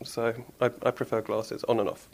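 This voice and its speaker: A man's voice: on the low side, flat delivery, moderate pace, creaky. A man, a children's author, chatting casually and reading aloud from his own book in a playful, jokey way. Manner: playful, laughs at own jokes, retakes lines.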